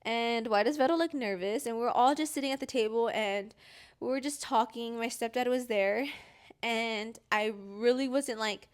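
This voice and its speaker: Young woman, higher voice, rambling storyteller. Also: normal speed, clear, resonant tone. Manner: rambling, heavy use of "like", acts out quoted dialogue. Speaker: podcast co-host. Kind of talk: casual personal storytelling.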